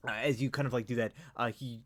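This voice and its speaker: A man's voice: mid-range voice, fairly even intonation, fast, no room sound. A man narrating as game master in a tabletop game, rambling with many fillers. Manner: rambling, full of fillers and hedges.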